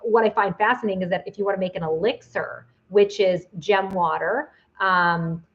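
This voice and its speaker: A woman's voice: medium pitch, steady tone, normal speed, dull audio. A woman giving a casual video lesson as a psychic teacher, chatty, with many fillers and restarts.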